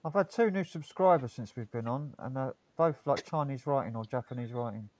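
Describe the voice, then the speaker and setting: A man's voice: mid-range voice, a little fast, dry recording. A man hosting a live stream, chatting casually and reading out comments. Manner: relaxed, reads out stream comments. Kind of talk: casual chat. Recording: noisy stream audio.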